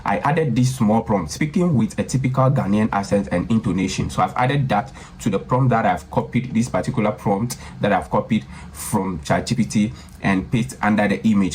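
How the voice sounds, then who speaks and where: Man, tutorial host, lowish voice, casual repetitive talk, calls viewers guys, faint background noise. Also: darkish tone. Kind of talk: screen-recorded software tutorial.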